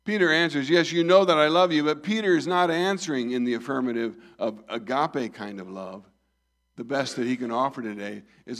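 A man preaching a sermon, reading scripture and voicing the dialogue, rising loud then dropping soft. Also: mid-range voice, moderate pace. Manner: reads scripture and acts out the dialogue, swells and drops in volume.

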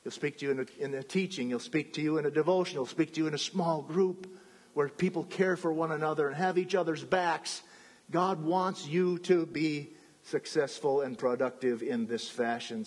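A man's voice: a little high, husky, big-room sound. A man preaching a sermon as pastor, in a conversational way with restarts and asides.

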